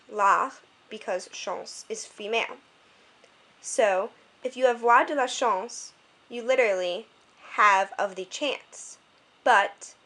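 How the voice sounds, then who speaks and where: A young woman records her own tutoring lesson at home and talks straight to the camera. Her pitch sits in the middle range, and she explains each point clearly, pausing now and then to sort out the camera. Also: fairly bright tone. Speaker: French tutor. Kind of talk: homemade video lesson.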